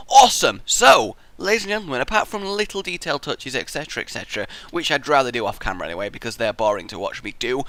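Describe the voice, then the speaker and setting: A young man giving chatty, excitable gameplay commentary as a let's play host, muttering asides to himself. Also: mid-range voice.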